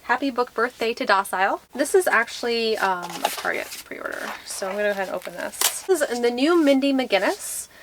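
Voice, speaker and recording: A woman chatting casually as she unboxes books, full of excited fillers. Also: fairly high pitch, fairly quick, few pauses, background noise. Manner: gushing, lots of fillers like "like". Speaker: book vlogger.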